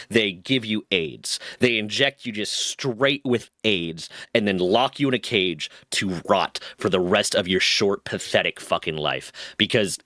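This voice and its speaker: A man's voice: on the low side, bright, forceful tone, dry recording. A man giving heated, profane commentary as a streamer, indignant in tone. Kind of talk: angry commentary.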